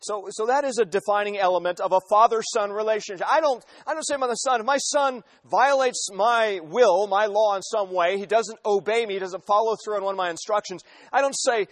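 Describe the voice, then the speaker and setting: High-voiced pastor preaching emphatically. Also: male voice, fairly quick, few pauses. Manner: emphatic, repeats phrases, storytelling illustrations. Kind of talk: sermon.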